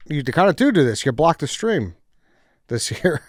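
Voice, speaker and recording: A man hosting a casual podcast, calling turns and talking in a relaxed way. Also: a little high, normal speed, no echo, clean studio sound. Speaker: podcast host running a draft. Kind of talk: casual chat.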